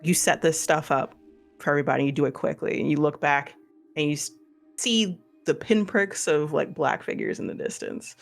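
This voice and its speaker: A man's voice: fairly high pitch, moderate pace, vocal fry. A man with a Missouri accent, narrating a tabletop horror game as game master in a casual, rambling way. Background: faint music.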